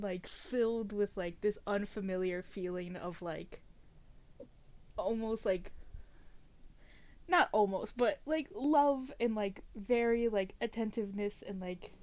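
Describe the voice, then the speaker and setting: A woman's voice: mid-range voice, slow, darkish tone. A woman playing in a tabletop role-play, rambling casually and filling her speech with "like". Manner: rambling, says 'like' constantly, giggly. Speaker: player. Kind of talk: casual chat in a tabletop game.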